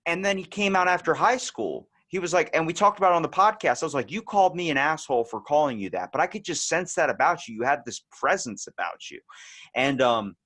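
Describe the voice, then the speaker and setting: A man's voice: a little high, lively intonation, a little fast, fairly bright tone. A young man hosting a podcast, telling candid stories in a rambling, casual way with lots of filler words. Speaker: podcast host.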